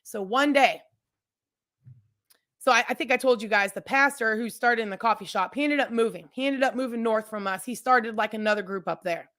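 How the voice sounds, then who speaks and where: A woman with a slightly higher voice hosts her own podcast and tells a personal story. She talks candidly and chattily, speaks right to her listeners, restarts her sentences and drifts into asides before coming back to the point. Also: a little fast, fairly bright tone. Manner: rambling with frequent restarts and asides. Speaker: podcast host. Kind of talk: personal storytelling, casual chat.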